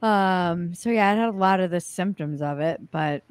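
A woman's voice: lowish voice, normal speed, smooth, no echo. Wry woman guest on a dry call. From United States. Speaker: guest comedian. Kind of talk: casual chat.

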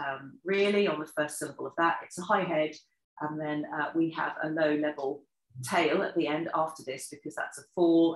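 A woman giving an academic workshop lecture, explaining step by step with frequent ums and restarts. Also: deep voice. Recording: echoey lecture room.

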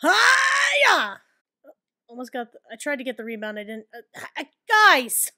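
A woman hosting a gaming video, giving casual gameplay commentary, excitable, swearing and yelling at the game. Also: on the high side, fast talker.

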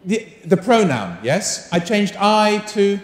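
A man's voice: high-pitched, takes it slowly. A man running a live teacher-training workshop, coaxing the audience and firing questions at them. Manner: animated, coaxing, asks the room many questions. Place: large conference hall. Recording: roomy echo of a large hall.

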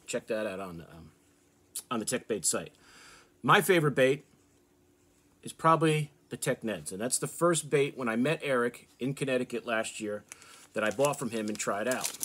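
An American man from the northeastern United States, hosting a fishing channel, casually showing off soft plastic baits in a relaxed, chatty way with fillers. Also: mid-range voice, background noise. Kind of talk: casual product show-and-tell.

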